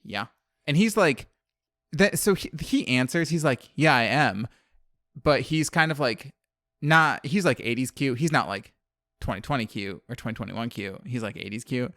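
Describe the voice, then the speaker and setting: Recapping a horror movie on the podcast he co-hosts, this New Orleans man keeps things chatty and profane, laughing often and using plenty of fillers. He speaks at normal speed in a mid-range voice with lively intonation and a fairly bright tone, recorded at studio quality with no room sound.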